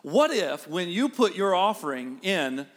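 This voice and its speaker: A man's voice: high-pitched, very animated, measured pace, fairly bright tone. A male pastor preaching a sermon in an earnest, conversational way, telling stories and talking directly to the congregation. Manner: storytelling, acts out a child's voice and quoted speech.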